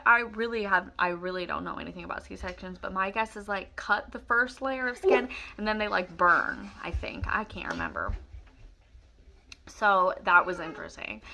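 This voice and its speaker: A young woman talks to the camera in a bright, lively voice, recalling her story with a lot of feeling. She rambles, restarts and fills pauses with "um" and "like", so the telling sounds unscripted and personal. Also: mid-range voice, slight background noise. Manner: emotional, rambling with many fillers.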